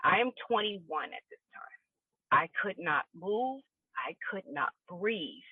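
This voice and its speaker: A woman's voice: fairly low pitch, animated, takes it slowly, husky, no room sound. A woman guest on a podcast interview, giving candid, emotional personal testimony. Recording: tinny phone line, dry.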